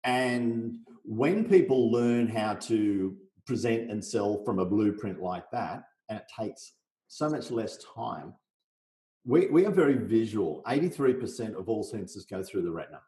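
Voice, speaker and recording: In a roomy, echoing recording, a middle-aged man from Australia speaks in a low, mellow voice. He explains his coaching method as a podcast guest with lively energy, and he keeps slipping into short acted sales exchanges. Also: measured pace. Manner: energetic, role-plays sales conversations. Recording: roomy echo.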